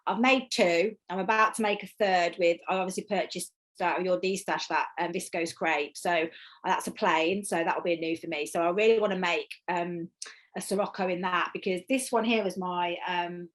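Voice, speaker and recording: A woman's voice: on the low side, steady tone, normal speed, rough recording. A woman chatting as an interview guest, talking enthusiastically with many restarts and laughs. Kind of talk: casual chat.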